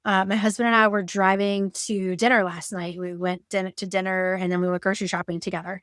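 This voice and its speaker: A woman's voice: mid-range voice, little pitch movement, a little fast, a bit bright, no room sound, clean studio sound. A woman coach teaching about couples work after betrayal, talking in a conversational way with fillers and acted-out quotes. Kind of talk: educational talk with personal examples.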